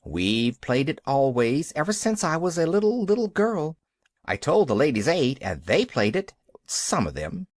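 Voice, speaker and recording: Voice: medium pitch, big pitch swings, moderate pace, dry recording, studio quality, voice pushed up. A reader voicing an eager, cheerful little orphan girl. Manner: bright, eager, upbeat.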